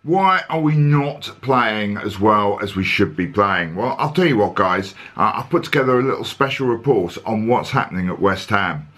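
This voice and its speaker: A man hosting a comic football vlog, talking deadpan and sarcastic with lots of fillers. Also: on the low side, normal speed, few pauses. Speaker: comedy vlog host. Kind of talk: comic monologue to camera.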